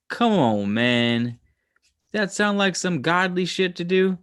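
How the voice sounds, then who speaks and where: A man's voice: sits high, lively intonation, slow, fairly bright tone, clear, resonant tone. A man hosting a casual livestream, reading scripture aloud and musing on it in a profane, irreverent way. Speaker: livestream host.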